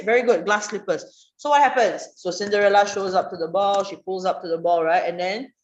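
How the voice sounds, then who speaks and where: A woman teaching an online writing class, questioning students and praising their answers in a lively way. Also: on the low side, a little hiss or hum. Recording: roomy, dull online class audio.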